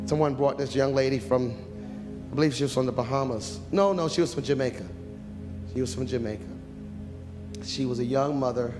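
A man preaching a sermon who swings from hushed pleading to loud cries, prays aloud and tells stories from his ministry. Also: medium pitch, fairly quick, pauses often, big-room sound, music in the background.

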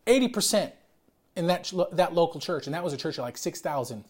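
Loud, emphatic middle-aged male pastor. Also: fairly high pitch, animated, brisk. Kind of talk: sermon.

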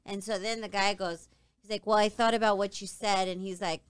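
A woman's voice: medium pitch, brisk, clear, resonant tone, dry recording. A young adult woman telling a story in casual chat, acting out the quotes of other people with a shifting voice. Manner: animated, acts out quotes with shifting voice. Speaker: podcast co-host telling a story.

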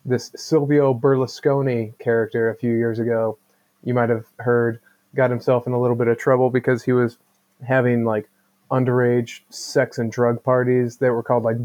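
A man's voice: mid-range voice, warm tone, muffled recording. A man chatting on a podcast as a guest, rambling and hedging with lots of "like". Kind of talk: casual podcast chat.

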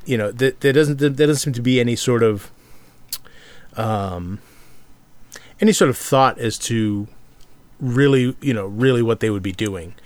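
A man in an unhurried, halting podcast chat, filling his pauses with fillers and restarting his sentences. His voice is recorded close and dry, with no room sound at all. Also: medium pitch, darkish tone, dry recording. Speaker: podcast co-host. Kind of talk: casual discussion.

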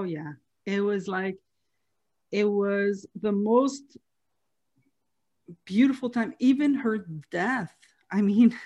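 A woman hosting a podcast, telling a personal story in a heartfelt, halting way with many restarts. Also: medium pitch, a little mellow. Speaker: podcast host.

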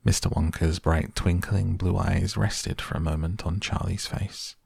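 A man reading a children's story aloud in a measured, expressive narration. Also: low-pitched, creaky, breathy edge, no echo. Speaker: audiobook narrator.

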